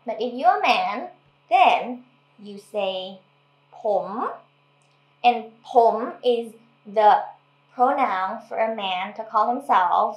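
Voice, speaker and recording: A woman from Thailand casually teaching language, explaining patiently and repeating words slowly. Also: fairly high pitch, expressive, roomy sound, rough recording.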